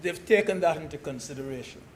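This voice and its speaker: A man from Barbados giving a parliamentary speech as a senator, slow and deliberate, stressing key words. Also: a little high, slight background noise. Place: senate chamber.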